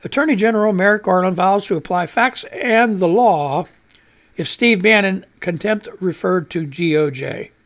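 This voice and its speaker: Speaking at a normal pace with a slightly bright voice, a man hosts a radio show where he reads the news and then rants about it, cursing. He often coughs or clears his throat, his voice climbing higher when he's riled.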